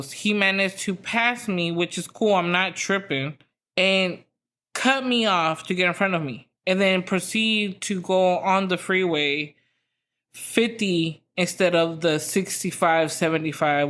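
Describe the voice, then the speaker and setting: A woman's voice: fairly low pitch, fairly bright tone. A young adult woman hosting a podcast, telling a story in a casual, profane, rambling way full of fillers. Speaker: podcast host.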